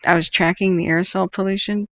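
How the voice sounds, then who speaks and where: A woman's voice: lowish voice, fairly even intonation, fast talker, fairly bright tone, lo-fi sound. A woman from northern California hosting a livestream, telling rambling stories with frequent laughs. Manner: rambling storyteller, laughs often. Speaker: livestream host. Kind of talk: casual chat while tracking wildfires.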